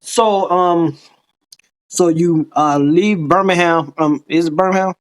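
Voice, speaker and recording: A man's voice: a little high, fairly even intonation, slow pace, clean tone. A man from the southern US hosting a casual interview, easygoing and hesitant with many "uh"s. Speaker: podcast host.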